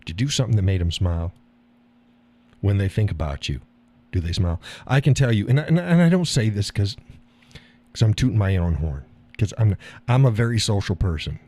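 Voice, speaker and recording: A man's voice: lowish voice, big pitch swings, fairly quick, dark tone. A middle-aged man hosting a live stream, talking bluntly with profanity and frequent laughter. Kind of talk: casual monologue. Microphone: audio call or stream mic.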